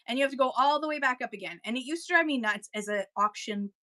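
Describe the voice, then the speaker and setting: A woman's voice: high-pitched, fast, few pauses, bright, forceful tone. A woman hosting a live seller chat, talking casually and rambling, slipping into auctioneer patter, with a Kentucky accent. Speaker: host giving seller tips.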